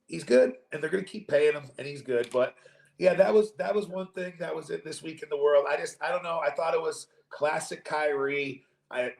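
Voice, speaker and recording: A young man hosting a podcast in casual chat, animated, jokey and swearing freely. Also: on the high side, creaky. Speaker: podcast host. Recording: roomy echo.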